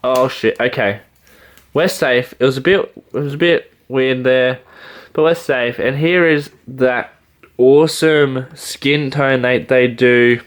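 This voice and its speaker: Brief: Australian male toy reviewer, mid-pitched, chatty and excitable, rambles. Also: slow. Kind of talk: casual figure review.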